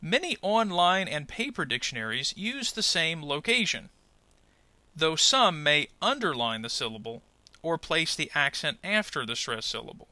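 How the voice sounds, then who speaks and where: Lively, bright-voiced male pronunciation teacher. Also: fairly high pitch, dry recording. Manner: clear, deliberate, over-articulates example words. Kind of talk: scripted lesson voice-over.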